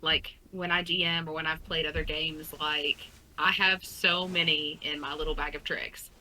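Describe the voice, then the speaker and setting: Brief: encouraging woman podcast co-host, lowish pitch, sharp and bright tone. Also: level tone, normal speed, slight background noise, poor audio. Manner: enthusiastic, warmly encouraging. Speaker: co-host and player. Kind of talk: casual podcast chat.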